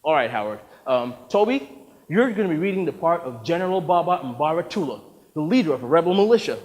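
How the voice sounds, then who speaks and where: A man doing a fussy, hurried film director. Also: on the high side, sing-song, darkish tone, in a large hall. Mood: eager. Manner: hurried, hesitant, with fillers.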